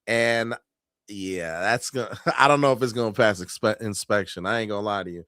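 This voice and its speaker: A man's voice: lowish voice, normal speed, bright, forceful tone, clean tone, no room sound, studio quality. A man hosting a sports channel, giving casual, laughing, slang-filled reactions to a news clip.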